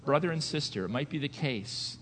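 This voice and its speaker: A male pastor preaching a sermon, moving between quiet conversational asides and loud emphatic declarations, with rhetorical questions to the congregation. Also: on the high side, lively intonation, a little fast, in a large hall, slight background noise.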